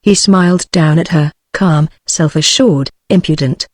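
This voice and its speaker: A synthetic narrator reading a novel at a mid pitch, steady and mechanical. The sound is dry and close, with no room around it, and it now and then stumbles over names. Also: measured pace, no echo. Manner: even, mechanical reading with odd mispronunciations. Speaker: audiobook narrator. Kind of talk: synthetic text-to-speech book reading.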